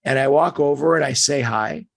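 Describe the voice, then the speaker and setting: Male sports agent, podcast storyteller, gravelly, dry close mic. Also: mid-range voice, normal speed, dry recording. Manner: animated storyteller, acts out quotes.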